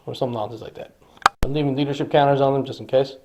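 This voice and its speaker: A man's voice: medium pitch, steady tone, quick pace, mellow, slight background noise. A man casually narrating a tabletop wargame battle report, enthusiastically dramatizing the action. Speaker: hobby wargamer.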